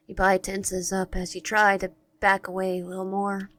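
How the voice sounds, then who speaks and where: A woman's voice: medium pitch, monotone, moderate pace, a bit bright. A woman reading a visual-novel dating sim aloud as she plays, often stumbling and restarting words. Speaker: game narrator and player.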